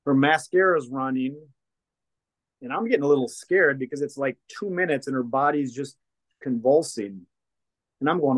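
A man, a guest in a conversation, telling a personal story in a lively way and acting out the dialogue of the people in it. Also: medium pitch, fairly quick, no echo, poor audio. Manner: lively storyteller who acts out quoted dialogue. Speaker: guest, deliverance minister and former counselor. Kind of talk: storytelling testimony in casual conversation.

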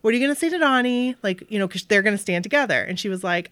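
In a rapid-fire delivery with hardly any pauses, a mid-range-voiced woman from Maine, USA, recounts a story in casual chat. She's animated, acts out quoted speech, and says "like" a lot. There's no room sound.

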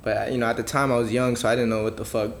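A man's voice: mid-range voice, flat delivery, racing, creaky, a little hiss or hum. A young man co-hosting a casual podcast, telling a personal story in a laid-back, slang-heavy way. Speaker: podcast co-host. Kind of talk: casual chat.

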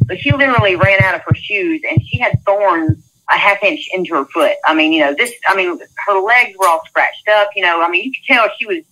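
A middle-aged woman with a drawl tells a long story in loose, halting bursts, doubling back as she goes. Her voice has a bright, sharp edge. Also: medium pitch, animated, low-quality recording. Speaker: interviewee. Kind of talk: casual spoken recounting.

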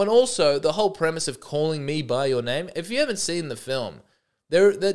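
A man's voice: mid-range voice, smooth. A man hosting a comedy podcast, speaking in a mock-earnest, rambling way with frequent restarts. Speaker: podcast host.

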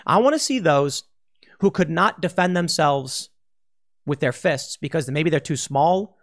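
A man's voice: a little high, lively intonation, measured pace. Blunt man hosting a political talk show. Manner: blunt, argumentative, slips into mocking voices. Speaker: host. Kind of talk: political commentary monologue.

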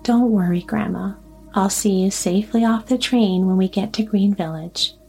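A woman voicing a calm, courteous man who reassures an old lady, in a storybook reading. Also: medium pitch, moderate pace, creaky, faint music behind, natural voice. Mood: reassuring. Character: calm kindly dark-haired man stranger.

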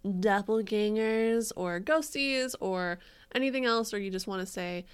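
A woman co-hosting a casual podcast, playful and jokey, with bursts of quick talk. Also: medium pitch, smooth. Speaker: podcast co-host.

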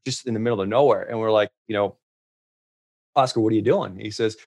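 A man telling travel stories as a guest in casual chat, restarting often and getting lively in the punchlines. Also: on the low side, brisk. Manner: animated storyteller, many restarts.

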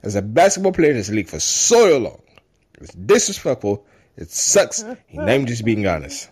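A man's voice: medium pitch, huge pitch swings, moderate pace, darkish tone. A man doing a playful impression of an aggrieved male pro basketball player complaining about unfair treatment. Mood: whiny. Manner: whiny, mock-indignant, playful impression.

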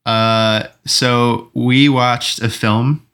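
A man hosting a casual movie podcast, chatting in person with friends, enthusiastic and quick to laugh, swearing casually. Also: mid-range voice, little pitch movement, fairly bright tone. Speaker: podcast host. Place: room recorded together in person.

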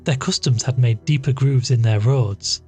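A man reading a classic story aloud as storyteller, in a measured, steady manner. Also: medium pitch. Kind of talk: scripted narration of a classic story. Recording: faint background music.

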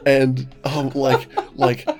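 A man's voice: medium pitch, takes it slowly. Laughing man telling a story. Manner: animated storyteller, swears a lot, laughs often. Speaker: podcast co-host. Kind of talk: casual chat.

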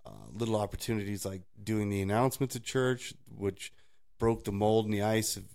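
Low-voiced man rambling through stories. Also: fairly quick, smooth. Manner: rambling, laughs often, animated storytelling. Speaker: podcast co-host. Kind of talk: casual faith chat.

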